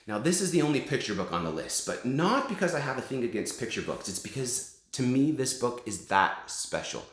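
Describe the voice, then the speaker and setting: A man's voice: mid-range voice, big pitch swings, fairly quick, fairly bright tone, reverberant. A man in his forties, a father, eagerly recommending children's books to camera. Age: 40s. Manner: enthusiastic, encouraging. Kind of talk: casual book recommendations to camera.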